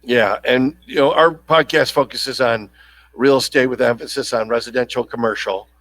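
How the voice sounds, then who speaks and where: A man's voice: mid-range voice, moderate pace, fairly bright tone, low-quality recording. A man hosting a casual podcast, joking around and rambling with fillers and restarts. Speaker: podcast host.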